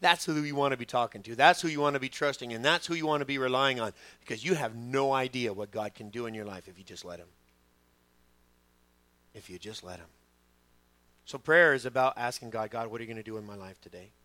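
A middle-aged man preaching a sermon as pastor, telling stories with lively quoted voices. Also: medium pitch, fairly quick, no echo. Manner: animated storytelling, acting out quoted voices.

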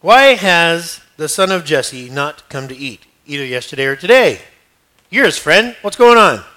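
A man's voice: on the high side, sing-song, unhurried, pushed and bright, full character voice. A man voicing a suspicious, volatile ancient king who asks questions in casual modern phrasing. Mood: demanding.

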